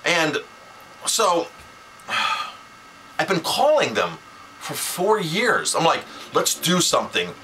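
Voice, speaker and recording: Exasperated man with a bright voice. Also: fairly high pitch, takes it slowly, long pauses, slight background noise, rough recording. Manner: animated and exasperated, with many restarts. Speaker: chef and restaurant owner. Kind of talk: casual to-camera rant.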